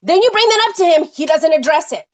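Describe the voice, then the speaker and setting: A woman with a very high, animated voice hosts a live stream and angrily rants about a rival, swearing heavily. Her complaining is heated, profane, and rapid-fire.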